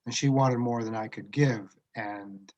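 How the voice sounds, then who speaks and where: A man's voice: lowish voice, a little slow, a little mellow, lo-fi sound. Reflective middle-aged man from Canada. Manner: reflective, restarts often, speaks frankly. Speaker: guest sharing his autism diagnosis. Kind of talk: casual conversation.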